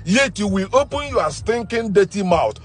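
A man's voice: sits high, lively intonation, normal speed, husky. A man delivering a combative, scornful monologue, repeating his points as he argues. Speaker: online commentator. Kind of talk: ranting monologue.

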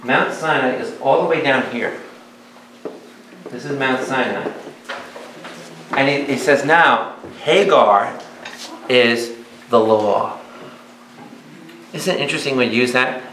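A man who is a priest teaching a Bible study. He talks in a lively way and keeps asking his audience questions. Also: mid-range voice, takes it slowly, pauses often. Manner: animated, asks the audience many questions. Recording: echoey hall with faint noise.

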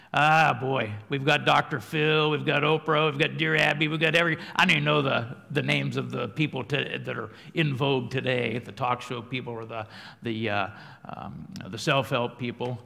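A man preaching a sermon in a church, telling folksy stories and moving between hushed prayer and loud emphasis. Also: mid-range voice, gravelly. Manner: folksy storytelling, swings from quiet prayer to loud. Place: church sanctuary. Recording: church livestream with long hall reverb.

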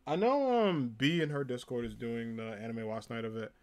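A man's voice: mid-range voice, moderate pace. A young man with a New Jersey accent chatting casually on a live stream, upbeat and full of ums and likes. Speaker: live streamer showing a convention haul.

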